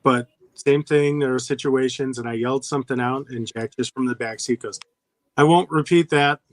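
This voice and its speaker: A man's voice: medium pitch, flat delivery, fairly quick, no echo. A middle-aged man in a casual chat, telling wry, self-deprecating stories about his son. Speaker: guest.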